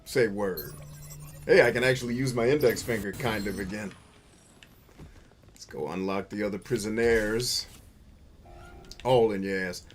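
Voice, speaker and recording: A man hosting a gaming show, riffing through casual gameplay commentary, boisterous and playful, full of slang and swearing, with sudden loud outbursts. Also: fairly low pitch, unhurried, long pauses, a little hiss or hum. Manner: boisterous and playful, bursts into loud shouts and laughter.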